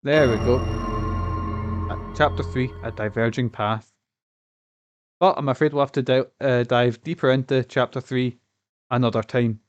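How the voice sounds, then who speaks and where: Brief: streamer, mid-pitched, loose rambling chat, swears, music bed underneath. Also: male voice, fairly even intonation, normal speed, pauses often, muffled recording. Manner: rambling, chatty, swears, many fillers. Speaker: game streamer. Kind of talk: casual live-stream chat. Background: game music.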